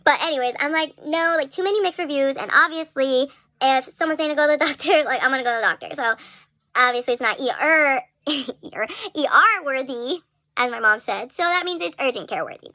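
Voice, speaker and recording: Bright, high-voiced chatty young woman. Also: a little fast, no echo. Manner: chatty, animated, frequent "like" and laughs. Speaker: storyteller. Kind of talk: casual storytime vlog.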